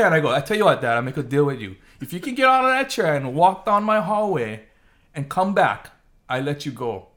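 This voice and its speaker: A man's voice: on the high side, sing-song, brisk, a bit bright, a little hiss or hum. A man telling a family story in casual chat, laughing often and acting out the voices of his relatives.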